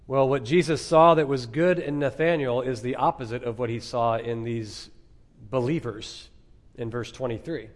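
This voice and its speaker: A man preaching an expository sermon as pastor, emphatic, with dramatic pauses and rhetorical questions. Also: mid-range voice.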